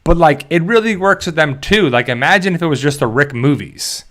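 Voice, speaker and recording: A man's voice: on the high side, animated, fairly quick, fairly bright tone. Rambling American man chatting to viewers. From South Jersey, US. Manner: rambling, many fillers and restarts; addresses viewers directly. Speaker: YouTube show host. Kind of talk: casual fan discussion.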